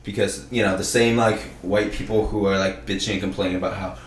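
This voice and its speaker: A man's voice: low-pitched, steady tone, fast talker, slight background noise. A man co-hosting a casual podcast, rambling and swearing as he banters. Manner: rambling, swearing, mocking voices. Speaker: podcast co-host. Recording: echoey room from a distance.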